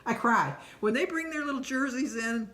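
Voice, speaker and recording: A woman's voice: fairly high pitch, lively intonation, normal speed, fairly bright tone. A middle-aged woman chatting casually on camera while answering a tag questionnaire, rambling with lots of ums. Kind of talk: casual chat.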